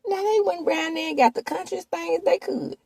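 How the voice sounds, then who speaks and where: Husky lady from dishing on a reality show, mellow dry sound. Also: very high-pitched, normal speed, no echo. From Mississippi, USA. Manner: chatty, gossipy, talks straight to viewers. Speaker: host. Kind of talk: casual reality-TV recap commentary.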